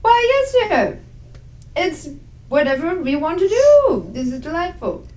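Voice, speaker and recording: A woman's voice: extremely high pitch, very animated, measured pace, darkish tone, voice pushed up, heavily acted. A woman voicing a fussy, genteel old lady who sweetly calls everyone dear. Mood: doting.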